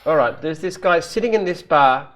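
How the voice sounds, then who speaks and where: Company founder, casual Q&A guest, fairly high voice, animated and laughing as he tells jokes. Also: normal speed. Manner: animated joke-telling with frequent laughs. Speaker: company founder answering questions. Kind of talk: casual live Q&A chat.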